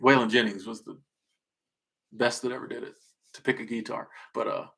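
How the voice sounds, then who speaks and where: A man's voice: medium pitch, steady tone, moderate pace, gravelly, bright, forceful tone, breathy edge. A man chatting casually on a livestream, joking and rambling as he reacts to viewer comments. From Southern United States. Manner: joking, rambling, trails off and restarts. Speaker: streamer.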